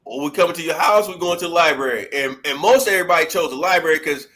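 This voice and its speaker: Man in his 40s, bright voice, slightly high pitch, animated storyteller, casual chat. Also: fast. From Detroit. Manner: animated storyteller, laughs often, acts out quotes. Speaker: co-host.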